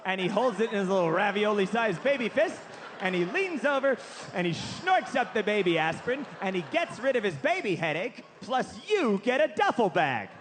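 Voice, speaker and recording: A man performing a self-mocking stand-up comedy routine before a live audience, building to shouted punchlines. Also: sits high, very animated, moderate pace. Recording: noisy live stage recording.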